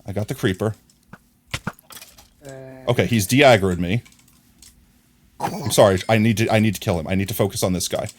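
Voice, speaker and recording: A man streaming a video game live, talking to himself in excited, frantic bursts as he plays. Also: fairly low pitch, moderate pace, long pauses, a little hiss or hum. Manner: excitable, frantic, talks to himself while playing. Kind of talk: live gameplay commentary.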